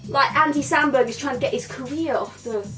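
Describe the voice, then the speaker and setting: A woman's voice: high-pitched, brisk, bright, forceful tone, distant mic, faint music behind. A woman playing Bobby, a crude cocky lad. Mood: crude rambling. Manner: rambling, crude, keeps tagging "yeah?" and "mate". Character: cocky young male London lad, crude and boastful. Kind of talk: character comedy podcast. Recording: voice a bit off-mic.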